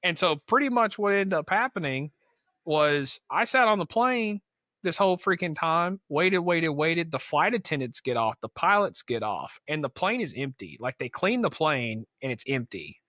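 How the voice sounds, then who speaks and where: Young male podcast host, slightly high voice, dry close sound, slangy and animated storyteller. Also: moderate pace, no room sound. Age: young adult. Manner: animated, slangy, acts out quoted people. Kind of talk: casual storytelling.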